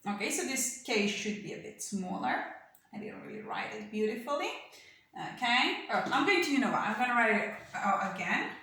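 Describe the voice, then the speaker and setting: A woman teaching young children English phonics in a recorded online lesson, spelling words out letter by letter slowly and patiently, and checking in often with "okay?" and "yeah?". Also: medium pitch, expressive, bright, forceful tone. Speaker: primary school English teacher. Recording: very echoey room.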